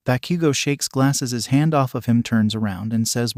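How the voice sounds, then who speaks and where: A man narrating a fan fiction story with a steady, plain reading. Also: mid-range voice, moderate pace, few pauses, no room sound, clean studio sound.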